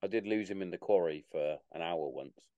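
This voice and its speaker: A man's voice: low voice, fairly quick, mellow, dry recording, highs cut off. A man co-hosting a casual pub-style podcast, laid-back and sweary, with short bits of banter. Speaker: podcast co-host.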